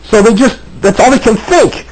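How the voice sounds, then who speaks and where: Husky, agitated man ranting. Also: high voice, normal speed, a little mellow, rough recording. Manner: agitated, repetitive, frequent restarts. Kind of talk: agitated personal video monologue.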